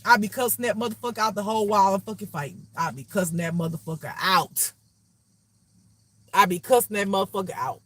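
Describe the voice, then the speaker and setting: A man's voice: high voice, fairly quick, a bit bright. A man giving a casual spiritual reading, preachy and profane, repeating phrases for emphasis. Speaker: spiritual reader.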